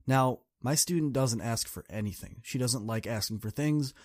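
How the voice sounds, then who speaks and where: A man's voice: medium pitch, normal speed, hardly any pauses, a little mellow, no room sound, clean studio sound. A man hosting a podcast, telling a coaching story in an earnest, direct, casual way. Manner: earnest, direct, addresses listeners as y'all. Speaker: podcast host and student coach.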